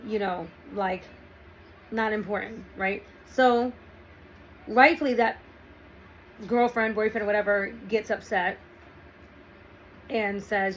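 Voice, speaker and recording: A woman's voice: medium pitch, steady tone, takes it slowly, long pauses, slight background noise, low-quality recording. A woman talking through relationship advice in a casual monologue, often checking in with "right?" and "okay".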